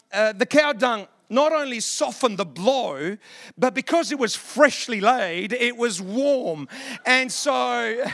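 A man's voice: extremely high pitch, a bit bright. A middle-aged man preaching a sermon, telling a folksy story and joking with the congregation. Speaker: pastor.

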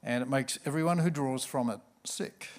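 A man's voice: mid-range voice, moderate pace. A man, a pastor preaching a sermon in church with joking, self-mocking asides. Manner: warm, humorous storyteller with self-mocking asides.

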